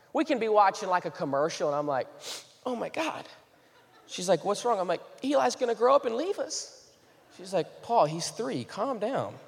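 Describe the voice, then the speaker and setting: A man's voice: fairly high pitch, in a large hall. A young man, preaching a sermon as a pastor, moving between jokes and earnest pleading. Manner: animated, joking then earnest and pleading.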